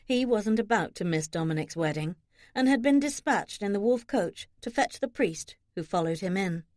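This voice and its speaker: A woman narrating a romance audiobook in a steady, even reading style. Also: medium pitch, moderate pace, dry recording, clean studio sound. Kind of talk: scripted narration.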